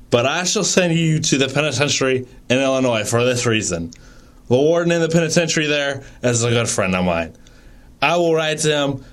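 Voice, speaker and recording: Man doing a pompous, crude old frontier judge, lifted high in the voice, like an old-time court quote read aloud. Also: fairly bright tone, close to an everyday voice. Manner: pompous, declaiming sentences from the bench.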